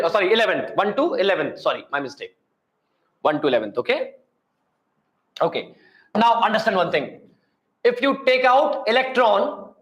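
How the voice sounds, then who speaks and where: Energetic high-voiced Indian teacher. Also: male voice, reverberant, rough recording. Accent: Indian English. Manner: energetic, repetitive, coaxing students. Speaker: chemistry teacher. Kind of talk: classroom lecture. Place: classroom.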